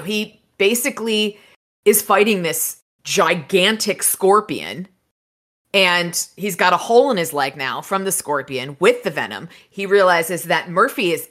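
Bright-voiced woman discussing a book. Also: on the low side. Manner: animated, reads passages aloud between chatty commentary. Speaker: podcast co-host. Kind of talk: casual book discussion podcast.

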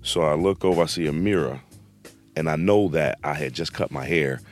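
Casting: middle-aged man, very deep voice, casual slangy storyteller, faint music bed. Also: moderate pace. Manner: animated, slangy, acts out quotes. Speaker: guest telling a story.

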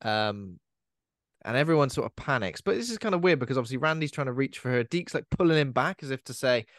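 A man's voice: mid-range voice, animated, quick pace, dry recording, clean studio sound. A young man co-hosting a podcast, casually recapping a horror film's plot with loose asides. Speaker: podcast co-host. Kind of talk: casual film chat.

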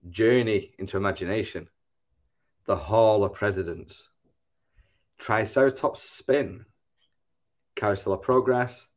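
A man co-hosting a casual podcast on an online group call. He explains the rules with jokey, dark exaggerations. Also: lowish voice. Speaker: podcast co-host. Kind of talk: casual chat, explaining a game.

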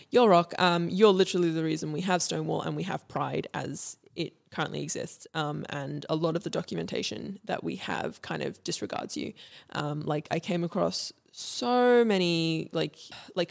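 A woman's voice: deep voice, lively intonation, normal speed, creaky. A young woman co-hosting a casual history podcast, talking with many ums and restarts. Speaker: podcast co-host presenting history.

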